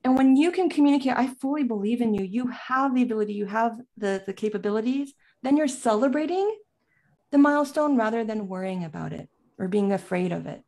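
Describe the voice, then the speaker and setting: A woman's voice: on the high side, a little fast, a little mellow. Earnest woman guest with easy laughs. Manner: earnest and heartfelt, laughs easily. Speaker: guest coach. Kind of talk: casual chat.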